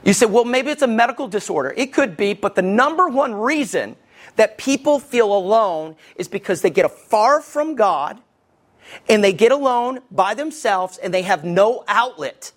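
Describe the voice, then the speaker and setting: A middle-aged man from Alabama with a Southern American accent, preaching a sermon as pastor in a conversational, lively way and talking straight to his congregation. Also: high-pitched, a little slow. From Alabama, USA.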